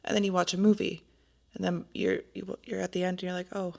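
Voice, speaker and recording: A woman's voice: lowish voice, flat delivery, fast talker, creaky, a little mellow. A woman hosting a podcast, chatting casually in a giggly, self-deprecating way. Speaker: podcast host.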